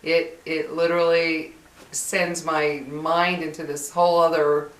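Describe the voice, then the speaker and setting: A woman's voice: low-pitched, level tone, measured pace, recorded from a distance. A middle-aged woman vlogging at home, talking candidly and emotionally in a chatty way and laughing often. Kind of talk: personal vlog chat. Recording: echoey room, voice off mic.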